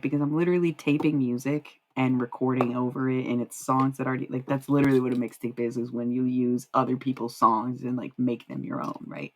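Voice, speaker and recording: Young woman streamer, low voice, chatty and giggly, swears a bit. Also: poor audio. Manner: chatty, laughs often, swears casually. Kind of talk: casual live-stream chat.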